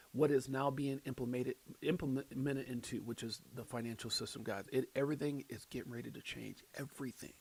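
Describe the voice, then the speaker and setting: A man hosting a crypto livestream, reacting with fervent, preachy commentary, repeating himself and joking about his own excitement. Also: mid-range voice, vocal fry, breathy edge.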